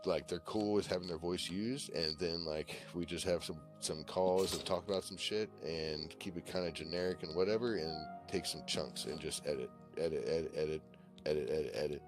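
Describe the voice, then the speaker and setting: A man's voice: sits low, moderate pace, few pauses, over music. A man from Virginia chatting on a voice call, rambling and swearing, with lots of "you know" and "like". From Virginia, USA. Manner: rambling, profane, full of fillers. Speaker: voice-call participant. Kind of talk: casual chat on a voice call.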